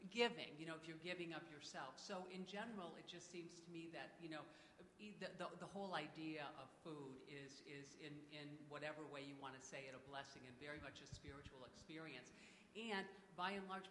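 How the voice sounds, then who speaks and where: A man's voice: on the high side, sharp tone. A man on a discussion panel, musing aloud with many fillers, recorded in an echoey hall. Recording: echoey hall, faint background noise.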